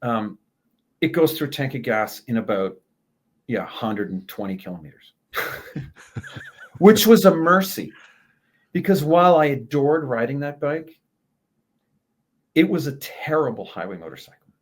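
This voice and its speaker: A man, a guest telling a lively travel story in a casual interview, laughing and swearing as he goes. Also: medium pitch, a little slow, pauses often. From Canada.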